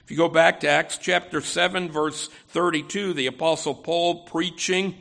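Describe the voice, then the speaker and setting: A man's voice: fairly high pitch, fairly even intonation, moderate pace, creaky, sharp tone. A man preaching an expository sermon. He talks conversationally, often saying "you know" and restarting phrases. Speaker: pastor.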